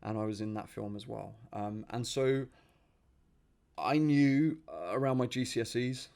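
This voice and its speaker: Young male host, softened Essex accent, sincere and reflective, hesitant restarts. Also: medium pitch, unhurried, vocal fry. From Essex, England. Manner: earnest, repeats words while searching for them. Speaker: podcast host, personal trainer. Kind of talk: reflective personal monologue.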